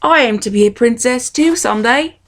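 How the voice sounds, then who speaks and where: A woman's voice: a little high, normal speed, natural voice. A woman voicing a rustic, hopeful twelve-year-old servant girl who speaks in folksy dialect. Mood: eager.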